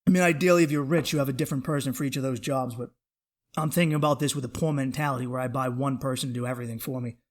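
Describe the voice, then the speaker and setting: A man's voice: medium pitch, fairly even intonation, very fast. A man hosting a comedy podcast, ranting in a worked-up, profane, emphatic way.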